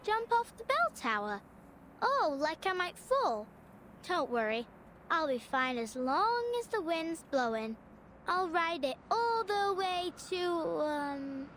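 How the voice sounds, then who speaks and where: A woman's voice: very high-pitched, sing-song, takes it slowly, a little hiss or hum, exaggerated voice. An earnest, curious young girl. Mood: cheerful. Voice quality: soft, earnest, wondering. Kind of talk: game voice acting.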